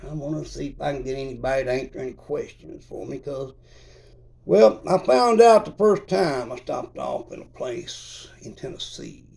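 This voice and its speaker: Gravelly man telling a folksy tale. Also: mid-range voice, normal speed, a little mellow. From Kentucky. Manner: folksy, repetitive, with constant "I said" and dialect grammar. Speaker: traveler telling his own story. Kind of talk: rambling spoken storytelling.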